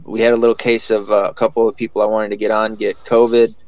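A man's voice: on the low side, level tone, quick pace, darkish tone, no echo, lo-fi sound. A man hosting a podcast in casual chat, rambling with lots of fillers and swearing freely. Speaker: podcast host.

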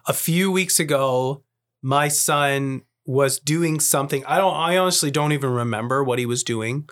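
A man's voice: medium pitch, moderate pace, a bit bright. A middle-aged man hosting a podcast, chatting casually, joking about himself and acting out what people said. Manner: chatty, self-deprecating, acts out quotes. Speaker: podcast host. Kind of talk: casual conversation.

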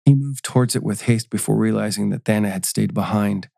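A man narrates a scripted story at a measured storytelling pace. His voice is low and gravelly with a dark, mellow tone. The recording is dry and close. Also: no room sound.

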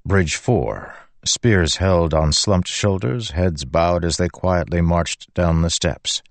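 Man narrating a fantasy novel, very low voice, dry close sound, measured and steady. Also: vocal fry, no room sound. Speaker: audiobook narrator.

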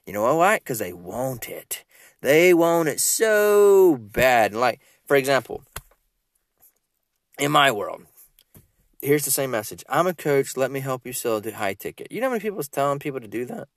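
A man's voice: medium pitch, moderate pace, no echo. A man from Georgia, giving a casual, rambling motivational talk as a business coach. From Georgia, USA. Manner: animated, rambling, repeats himself.

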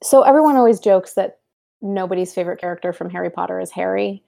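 A young woman in casual discussion, chatty and quick, explaining her points with examples and asides. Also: mid-range voice, gravelly, warm tone. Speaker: podcast co-host.

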